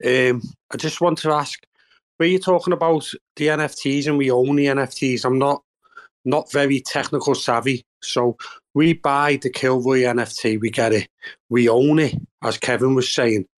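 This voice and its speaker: Male caller, Liverpool accent, polite and hesitant, mid pitch. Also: steady tone, normal speed. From Liverpool, England. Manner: polite, hesitant, self-deprecating. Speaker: caller asking a question.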